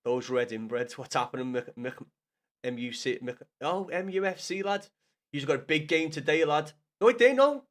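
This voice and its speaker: A man's voice: mid-range voice, steady tone, moderate pace, a bit bright. A man in his thirties with a Scouse accent, hungover and rambling, chatting casually to his stream viewers with lots of swearing and restarts. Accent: Liverpool Scouse. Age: 30s.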